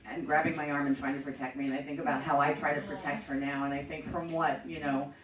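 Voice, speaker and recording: A woman's voice: sits low, level tone, fast talker, roomy sound, distant mic, poor audio. A middle-aged woman hosting a show, telling a personal story in a chatty, profane, self-mocking way. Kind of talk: casual storytelling.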